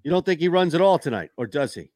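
Male sports co-host, casual and joking, higher voice, dry close sound. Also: no room sound. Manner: joking, animated, quick back-and-forth.

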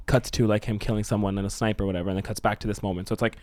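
A man's voice: on the low side, steady tone, rapid-fire, a little mellow, no echo, clean studio sound. Laid-back sweary guy brainstorming. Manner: rambling, sweary, laughs often. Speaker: podcast co-host. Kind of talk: casual brainstorming chat.

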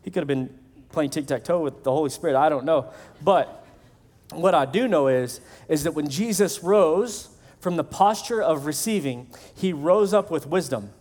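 A man's voice: fairly high pitch, moderate pace, a little mellow. A male pastor preaching a sermon in a conversational way, acting out the voices of the people he quotes.

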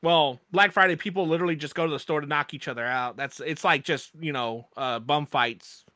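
A man co-hosting a casual podcast, his voice bright and forceful, a little higher than most men's. He cracks jokes and laughs constantly, and the recording is dry and close. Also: fairly quick, no echo. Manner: laughs often, jokey and excitable. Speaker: podcast co-host. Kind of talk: casual group podcast banter.

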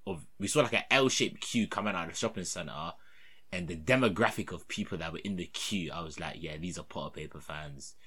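A man's voice: low-pitched, a bit bright, slightly rough. A young man, telling a story in casual, slangy, rambling podcast chat. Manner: rambling, slangy, often dropping to a mutter.

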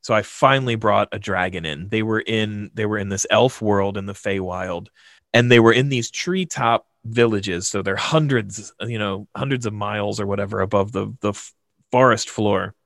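A man, a game master, casually telling an animated, self-deprecating story in conversation. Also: lowish voice, moderate pace, creaky, no room sound, studio quality.

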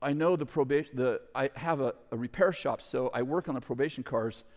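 A middle-aged man telling a story to an audience in a lively way, with loud bursts, acted quotes and chuckling asides. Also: medium pitch, a little fast. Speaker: ministry leader telling a story. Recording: long hall reverb.

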